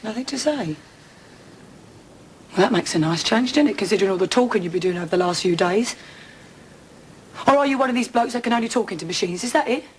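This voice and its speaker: A woman's voice: medium pitch, lively intonation, quick pace, long pauses, slight background noise, natural voice, rough recording. An actress playing a distraught woman in her thirties confronting the man who attacked her, bitter and sarcastic in a TV drama. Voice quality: bitter, sarcastic, then breaking down. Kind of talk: television soap drama acting.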